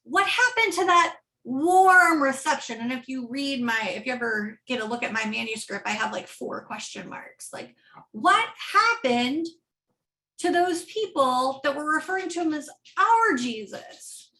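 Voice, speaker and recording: A woman's voice: high voice, lively intonation, a little slow, bright, forceful tone. A woman pastor preaching a sermon in a conversational way, often checking in with the congregation. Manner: conversational, often asking "right?". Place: church.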